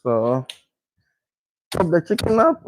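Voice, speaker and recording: A man's voice: a little high, wildly swooping pitch, noisy background. A man from Ghana talking casually through a home cooking video, repeating his words as he works. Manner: repetitive, unhurried, talks while working. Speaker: cooking vlogger.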